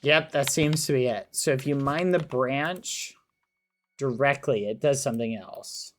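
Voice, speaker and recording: A man's voice: mid-range voice, measured pace, slight background noise. A young man chatting playfully with viewers during a casual live game stream. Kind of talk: casual live-stream chat while playing.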